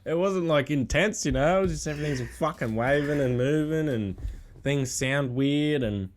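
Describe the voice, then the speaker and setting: A man's voice: fairly high pitch, moderate pace, a little hiss or hum. A man talking as a podcast guest in a laid-back, rambling way, swearing a lot. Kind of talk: casual chat.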